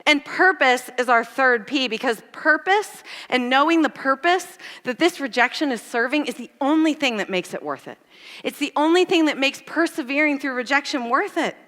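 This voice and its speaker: Bright high-voiced woman preaching. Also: moderate pace, long reverb tail. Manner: animated, self-deprecating storytelling. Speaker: church speaker. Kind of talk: storytelling sermon.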